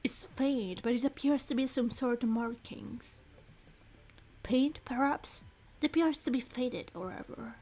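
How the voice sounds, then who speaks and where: A low-energy, sarcastic young man from a detective game speaks in a dry, unhurried way, as a woman puts him on while reading the game aloud. His voice sits a little high, with little lift or push behind the words. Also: darkish tone. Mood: flat.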